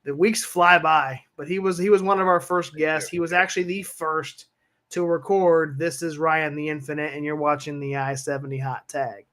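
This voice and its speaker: An easygoing man runs through a wrestling card on a live stream, dropping plenty of fillers along the way. His voice sits a little higher than most men's. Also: fairly even intonation, normal speed, pushed and bright. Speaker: podcast co-host. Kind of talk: casual live-stream chat.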